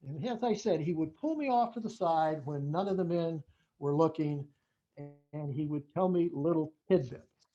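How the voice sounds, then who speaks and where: Older man with a mellow voice, telling a story. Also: a little high, moderate pace. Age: 70s. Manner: folksy storytelling that acts out remembered dialogue. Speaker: veteran speaker. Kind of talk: personal story told to an audience. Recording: dull lo-fi recording.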